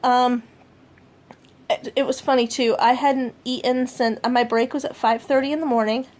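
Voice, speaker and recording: A woman with a fairly high voice talks casually at home, logging her day's food for a vlog. She rambles along with fillers and self-corrections. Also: steady tone, moderate pace, darkish tone. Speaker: vlogger.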